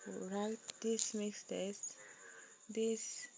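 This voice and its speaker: A woman teaching a coding tutorial, dictating slowly as she types and repeating phrases. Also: mid-range voice, level tone, vocal fry, highs cut off, background noise. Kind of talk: screen-recorded coding tutorial.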